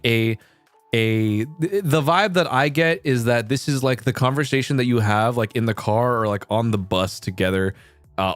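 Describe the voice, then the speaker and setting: A man's voice: lowish voice, dry recording. A young man talks loosely into a close mic on a late-night stream. He rambles and restarts his sentences, with casual swearing throughout. The sound is dry, with faint music underneath.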